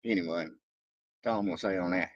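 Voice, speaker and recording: A man live-streaming from a truck stop, rambling excitedly and cursing loosely while shouting out his viewers. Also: sits low, fairly quick, dry recording, highs cut off. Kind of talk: casual rambling livestream chat.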